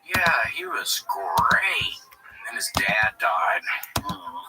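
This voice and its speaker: A man's voice: lowish voice, big pitch swings, very slow, vocal fry, in a whisper. A man in casual podcast banter, telling rambling, self-mocking stories. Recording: noisy livestream audio.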